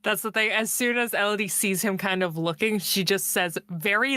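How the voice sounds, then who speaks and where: Woman player, mid voice, gentle and reassuring, dry recording. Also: medium pitch, steady tone, moderate pace, few pauses, dry recording. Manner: soothing, reassuring. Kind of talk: playing a tabletop role-playing game.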